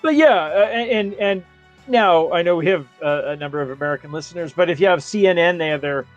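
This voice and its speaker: A man's voice: on the high side, animated, quick pace, dull audio, faint music behind. A man co-hosting a film podcast in casual chat, thoughtful and agreeable as he builds his points. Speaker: podcast co-host.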